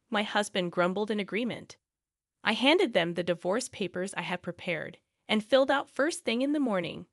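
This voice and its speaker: A woman's voice: mid-range voice, lively intonation, normal speed, dry recording. Woman narrating a story, dry close sound. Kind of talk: first-person story narration.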